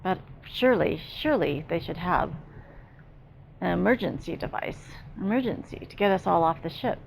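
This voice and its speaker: A woman psychic medium giving an emotional, halting first-person channeling narration, repeating herself as she speaks. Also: on the low side, lively intonation, creaky, slight background noise.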